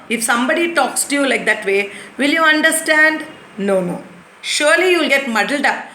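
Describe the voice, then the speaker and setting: A woman's voice: high voice, expressive, bright, forceful tone. Patient woman teacher in an echoey room. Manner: patient, repeats and explains slowly to children. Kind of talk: recorded classroom lesson.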